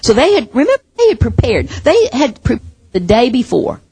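Woman giving a sermon, gravelly husky voice, drops soft for effect. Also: a little high, huge pitch swings, moderate pace, no echo. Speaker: preacher.

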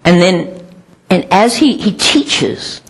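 Gravelly woman preaching a chatty sermon. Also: lowish voice, slow pace. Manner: chatty and animated, with asides and restarts.

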